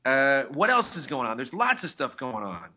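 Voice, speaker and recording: A man's voice: mid-range voice, huge pitch swings, normal speed, slight background noise. A man hosting a podcast, telling a long story in casual chat, with frequent restarts. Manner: rambling storyteller with many restarts, acts out quotes. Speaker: podcast host. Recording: dull lo-fi audio.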